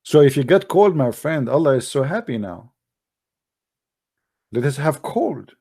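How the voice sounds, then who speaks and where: A man's voice: medium pitch, expressive, measured pace, mellow, slightly rough. A man giving a mocking, sarcastic polemical monologue in broken English grammar. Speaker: religious debate commentator.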